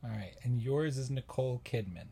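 Husky laid-back man, teasing. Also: mid-range voice, normal speed, warm tone. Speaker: improv podcast co-host. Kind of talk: casual improv comedy chat.

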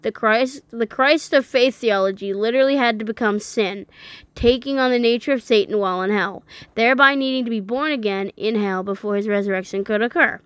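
A woman reading a critique aloud and breaking off into indignant, incredulous commentary, with some halting restarts. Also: fairly high pitch, a bit bright, smooth, dry recording. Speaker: religious commentator.

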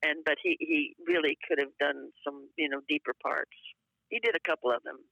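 Gravelly, bright-voiced older woman storyteller. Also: low voice, steady tone, fairly quick, dry recording, highs cut off. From United States. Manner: chatty, rambling, acts out quoted voices. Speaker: guest, former actress. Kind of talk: casual storytelling interview.

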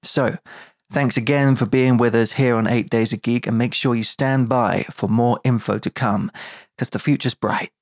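A man hosting a podcast, talking in a jokey, quick, teasing way. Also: medium pitch, fairly even intonation, darkish tone, no echo, studio quality. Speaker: podcast host. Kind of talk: casual chat.

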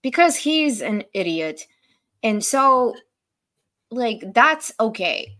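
A woman from Australia, a podcast guest in casual chat, blunt and quick to laugh. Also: a little high, sing-song, fairly bright tone.

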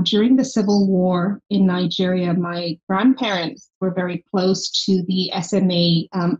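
A woman with a softened Irish accent, a health tech founder talking as a guest on an interview podcast, telling stories in an animated way. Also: fairly low pitch, highs cut off. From Ireland. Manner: animated storytelling, acts out quoted dialogue. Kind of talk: casual interview chat.

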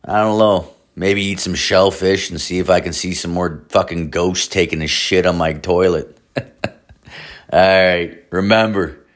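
A man's voice: deep voice, steady tone, measured pace. A man hosting a podcast, telling a rambling story with lots of swearing and fillers. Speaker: podcast host. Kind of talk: casual storytelling.

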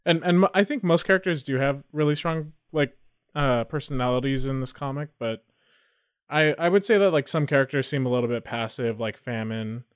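A man's voice: medium pitch, a little fast, no room sound, clean studio sound. A man in casual chat about a comic, speaking thoughtfully with hedges and fillers. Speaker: comic discussion co-host.

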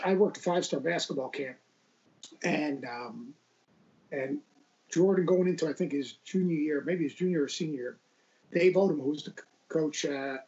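Middle-aged male guest, gravelly, rambling anecdotes, muffled remote-call sound. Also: fairly high pitch, a little mellow. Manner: rambling, restarts a lot, gravelly. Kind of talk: casual storytelling interview.

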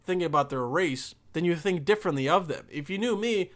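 A man's voice: a little high, animated, fairly quick, a bit bright. A young man from Bosnia with no accent, talking in a rambling, profane, emphatic casual monologue.

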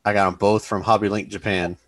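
A man's voice: on the low side, level tone, brisk, fairly bright tone, dry recording. A man chatting casually about building model kits, easygoing and rambling. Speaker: model kit hobbyist on a group chat show. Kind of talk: casual chat.

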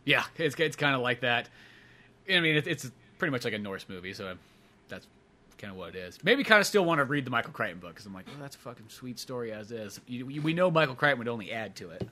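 A man's voice: medium pitch, big pitch swings, fast, sharp tone, a little hiss or hum. A man co-hosting a podcast in casual chat, rambling, swearing often and laughing a lot. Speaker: podcast co-host.

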